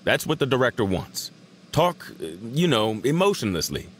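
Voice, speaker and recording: A patient male coach, played by a man, gives instructions in a coaxing tone. His pitch moves a lot. Faint background noise runs under him. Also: big pitch swings, normal speed, close to an everyday voice. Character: man coaching a robot actor before a shoot.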